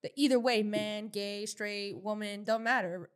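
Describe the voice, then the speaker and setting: A woman co-hosting a casual commentary podcast, talking in an animated, slangy way with many restarts. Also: mid-range voice, a little slow, smooth. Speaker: podcast co-host.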